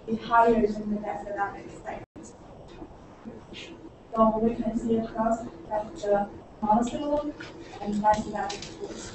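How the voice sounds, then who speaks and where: Woman presenting in an echoey lecture room. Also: a little high. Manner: hesitant, many fillers and restarts. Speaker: conference presenter. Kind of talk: academic talk presenting results. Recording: echoey room, far from the mic, noisy.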